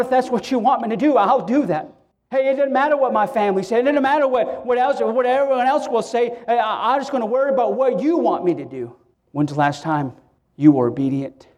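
A man's voice: a little high, darkish tone. A middle-aged man preaching a sermon as pastor, impassioned and acting out prayers and quotes, often stammering as he restarts.

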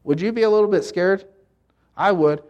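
Earnest halting male preacher, higher voice. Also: a little mellow, lo-fi sound. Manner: earnest, halting with many fillers and restarts. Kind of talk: sermon.

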